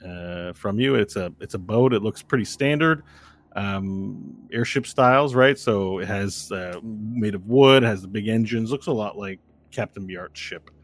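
A man's voice: fairly low pitch, unhurried. A man narrating a tabletop game as game master, in a loose, rambling way with fillers and sound effects.

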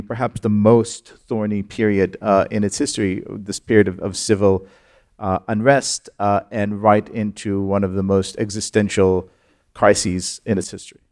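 Male moderator, low voice, halting, lots of "um", measured questions, dry sound. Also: flat delivery, darkish tone, no echo. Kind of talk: moderating a panel discussion. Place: stage before a live audience.

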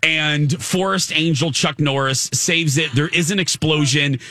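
Man, podcast host, high voice, bright tone, lively exaggerated delivery, mocking retelling. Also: measured pace, no room sound. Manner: animated, exaggerated, mocking retelling with acted-out quotes. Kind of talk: casual chat reviewing a movie.

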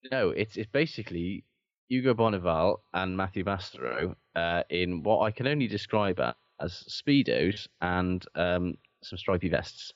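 Deep, dry-voiced man. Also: animated, unhurried, no echo, dull audio. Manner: dry, sardonic, swears freely. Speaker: podcast co-host. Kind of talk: casual chat.

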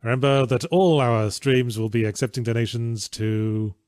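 A man's voice: mid-range voice, fairly even intonation, moderate pace, a little mellow, clear, resonant tone, no echo. Dry, sarcastic man. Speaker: stream co-host reading donations. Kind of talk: casual stream chat.

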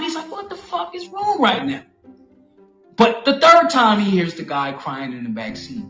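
A man telling a story in animated, slangy, profane street talk. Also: high voice. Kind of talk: casual storytelling monologue. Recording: echoey room with faint music.

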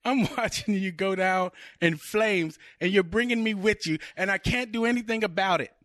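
A man's voice: fairly bright tone, no echo, studio quality. A man reading the part of an anxious, exasperated woman fiancée in a comedic scene reenactment. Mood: frantic. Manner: high, fast, pleading complaints.

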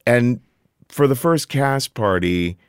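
A middle-aged man telling a personal story in casual conversation as a podcast guest, animated and jumping up in pitch when he quotes himself. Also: takes it slowly, clear, resonant tone, no room sound, studio quality.

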